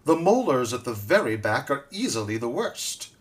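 A man's voice: medium pitch, very animated, normal speed, close to an everyday voice. A man voicing a sly, grinning male crocodile in a storybook poem, coaxing and drawn out.

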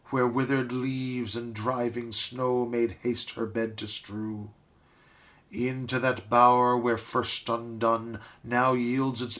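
A man reciting a tragic ballad in a solemn, measured, dramatic style. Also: medium pitch, sharp tone. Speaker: reader.

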